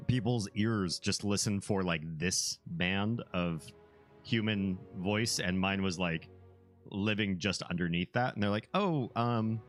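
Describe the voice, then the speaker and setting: Male streamer with a very deep bass voice; loose, rambling casual chat with frequent chuckles, soft music behind. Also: fairly even intonation, a little slow. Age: young adult to middle-aged, a parent. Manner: rambling, easygoing, chuckles often.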